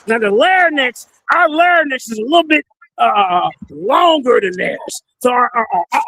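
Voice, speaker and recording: A man speaking as a panel guest in an emphatic rant, repeating words and shouting out lines. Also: extremely high pitch, no room sound, poor audio. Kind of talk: casual preaching-style rant.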